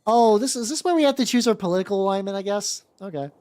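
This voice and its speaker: A streamer playing a video game, reacting aloud with swearing and reading the game's text out loud. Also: mid-range voice, animated, quick pace. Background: faint background music.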